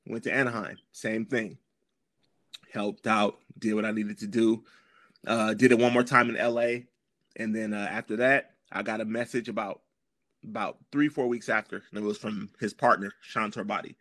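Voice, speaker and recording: A man with a fairly low voice tells his story as a podcast guest, loose and full of slang, often stopping to clear his throat. The sound is dry and close, with no room around it. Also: steady tone, normal speed, a bit bright, dry recording. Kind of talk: casual storytelling conversation.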